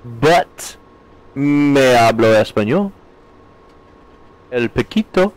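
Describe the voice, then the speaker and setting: A man's voice: mid-range voice, lively intonation, normal speed, no room sound, poor audio. American man chatting on a live stream. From United States. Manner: chatty, reads chat aloud with playful jokes. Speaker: game streamer.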